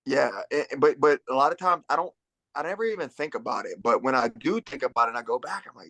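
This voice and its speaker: A man in his thirties, a fighter guest on a podcast, telling stories in a relaxed way with many fillers and restarts. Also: mid-range voice, quick pace, no echo. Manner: laid-back storyteller, many fillers and restarts. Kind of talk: casual podcast interview.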